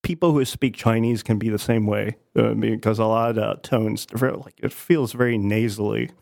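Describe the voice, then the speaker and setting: A man's voice: lowish voice, steady tone, creaky, darkish tone. A man in casual conversation, speaking hesitantly with frequent fillers and restarts. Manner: hesitant, halting with many fillers. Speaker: conversation partner. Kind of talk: casual chat.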